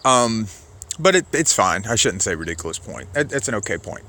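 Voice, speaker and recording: A man's voice: lowish voice, big pitch swings, fairly quick, sharp tone. A man giving casual political commentary, argumentative and sarcastic, rambling as he rebuts a clip.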